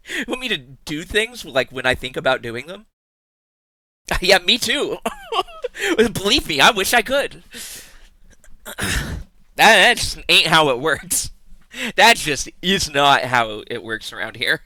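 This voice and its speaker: A man's voice: a little high, very animated, a little slow, pauses often, bright, forceful tone, dry recording. A young man streaming live, chatting casually with his viewers, teasing them, swearing freely and laughing often.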